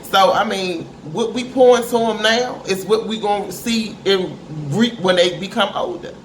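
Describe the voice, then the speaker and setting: A woman's voice: medium pitch, normal speed. A middle-aged woman talking candidly to camera about parenting, emphatic and preachy, calling her listeners honey. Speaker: parent giving advice. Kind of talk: candid motivational talk to camera. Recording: echoey room with faint noise.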